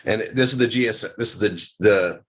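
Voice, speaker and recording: A man's voice: lowish voice, normal speed, slightly rough. A man hosting a casual live chat, tasting food and wine and rambling with many restarts. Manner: rambling, restarts often, savoring food aloud. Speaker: host.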